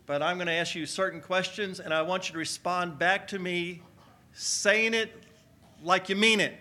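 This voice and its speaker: Energetic high-voiced man preaching a sermon. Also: moderate pace. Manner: energetic, calls on the congregation to shout answers. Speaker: pastor. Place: church sanctuary.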